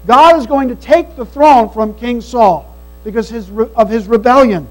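High-voiced man preaching a sermon. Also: moderate pace, rough recording. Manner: earnest, emphatic preaching with repeated phrases. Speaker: pastor. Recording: mains hum behind the voice.

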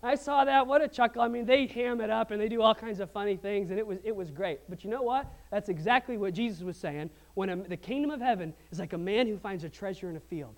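Brief: high-voiced man preaching, lively storyteller, drops quiet then builds loud. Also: fast, few pauses. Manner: animated storytelling, swings from hushed to shouting. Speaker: pastor. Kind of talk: sermon.

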